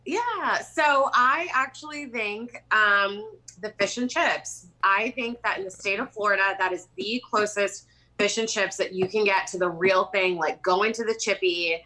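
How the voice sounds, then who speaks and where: A woman's voice: mid-range voice, unhurried, sharp tone, rough recording. A young woman as a guest in a casual chat, bubbly and a little hesitant.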